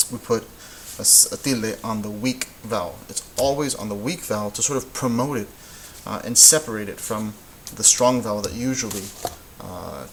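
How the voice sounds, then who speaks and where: A man with a lowish voice talks through a Spanish lesson in a relaxed, off-the-cuff way, pausing on ums and restarting his sentences. A faint hiss and occasional clicks sit under the recording. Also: low-quality recording. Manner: relaxed, thinking aloud with many ums and restarts. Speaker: Spanish teacher. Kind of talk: casual classroom-style lesson.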